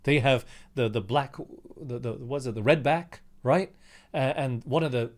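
A man's voice: medium pitch, moderate pace. Conversational man leading a Bible study. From Australia. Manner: conversational, asks the listener questions, acts out quotes. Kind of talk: sermon-style Bible study talk.

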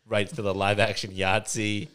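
A man's voice: on the low side, level tone, moderate pace, fairly bright tone, clean tone. A man hosting a casual comedy podcast, joking around, laughing often and breaking into silly sung bits. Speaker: podcast host.

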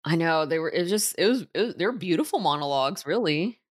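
A woman's voice: low-pitched, lively intonation, fast, dry recording, studio quality. A woman co-hosting a casual movie podcast, chatty, with lots of fillers and restarts. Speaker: podcast co-host.

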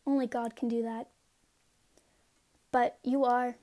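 A woman's voice: a little high, little pitch movement, takes it slowly, warm tone. A woman giving a casual devotional talk. She reads scripture passages aloud in an earnest way and breaks off for informal asides to her listeners. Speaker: devotional speaker.

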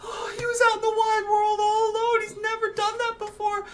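A man putting on a high, sobbing grieving mother. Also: normal speed, lightly acted. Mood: weepy relief. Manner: sobbing, stammering, breathless. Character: tearful grieving mother, woman, middle-aged.

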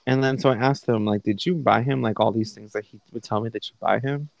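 A man's voice: mid-range voice, quick pace, gravelly, no echo, low-quality recording. A young man hosting a podcast at home, casually retelling a conversation with profane, candid asides. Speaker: podcast host. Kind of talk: casual storytelling. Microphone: live online call setup.

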